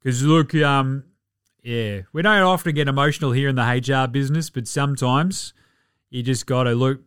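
A man's voice: mid-range voice, normal speed, a bit bright, clean tone, no echo, studio quality. An Australian man presenting a mock HR advice segment in a comedic skit, playing up being choked with emotion and sentimental.

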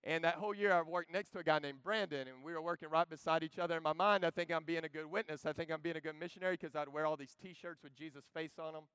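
Impassioned high-voiced male preacher. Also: steady tone, quick pace, few pauses, clean tone, no echo. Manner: impassioned, swinging from loud urging to hushed storytelling. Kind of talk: sermon.

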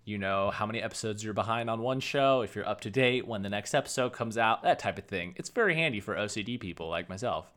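A man's voice: fairly low pitch, lively intonation, fast, few pauses, a bit bright. A man co-hosting a casual chat, enthusiastic and chatty, laughing easily. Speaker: podcast co-host.

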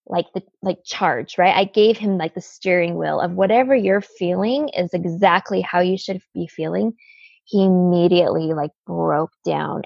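A woman in her thirties, the guest, earnestly telling an emotional personal story with halting restarts. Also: on the low side, gravelly, a little mellow, slightly rough, no room sound. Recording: slightly dull lo-fi sound.

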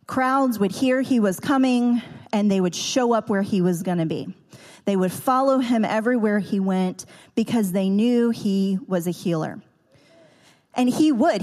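A woman's voice: mid-range voice, darkish tone. Woman preaching, long hall reverb. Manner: earnest teaching tone, slows down to stress key words. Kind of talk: sermon.

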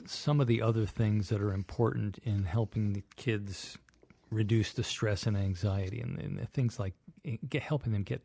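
A man's voice: on the low side, steady tone, normal speed, warm tone, no echo. A man hosting an interview, attentive and affirming, who asks his guest questions. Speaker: radio show host.

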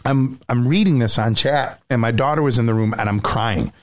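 At a medium pitch and normal speed, this man chats casually as a guest on a stream. He tells a story with real feeling, animated and emotional, restarting his sentences again and again.

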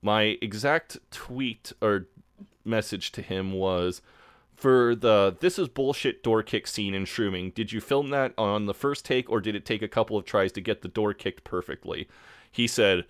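A man's voice: fairly low pitch, unhurried, clear, resonant tone, no echo, clean studio sound. An American man hosting a podcast in casual chat, retelling scenes animatedly and acting out the quoted lines. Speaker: podcast host.

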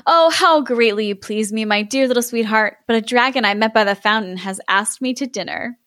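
Gentle young fairy-tale man, read by a woman. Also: fairly high pitch, brisk, close to an everyday voice. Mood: solemn. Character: gentle young man, sad but true to his word.

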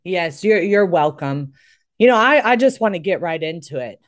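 Lively intonation marks the lowish voice of a middle-aged American woman hosting a talk show. At normal speed she gives an impassioned monologue, earnest and emphatic, growing more emotional.

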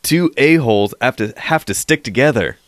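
A man co-hosting a casual movie review chat, with a middle pitch. He is wry and laughs often as he adds dry remarks. The recording is dry and close. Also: expressive, moderate pace, fairly bright tone, no echo. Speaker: podcast co-host.

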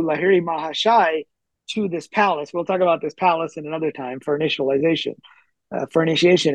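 A man being interviewed, telling stories in a chatty, animated way with lots of fillers and restarts and the odd chuckle. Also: a little high, no room sound, rough recording. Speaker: interview guest. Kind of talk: casual storytelling in conversation.

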